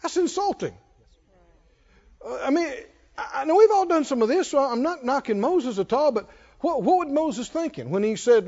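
A man's voice: extremely high pitch, animated, moderate pace, darkish tone. A man preaching a sermon, emphatic with call-and-response and chuckling asides, in a dull lo-fi recording.

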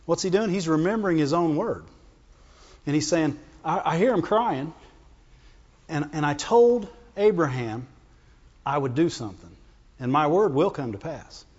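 A man preaching a sermon, lively and emphatic, climbing high when he voices God. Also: moderate pace, pauses often, slightly rough, big-room sound, lo-fi sound.

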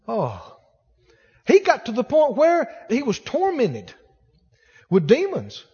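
A man's voice: extremely high pitch, wildly swooping pitch, slow pace, a little mellow, breathy edge. A man preaching a sermon, exhorting his congregation emphatically and repeating lines for force. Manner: emphatic, repetitive exhortation with rising intensity. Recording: dull sound with long reverb in a large hall.

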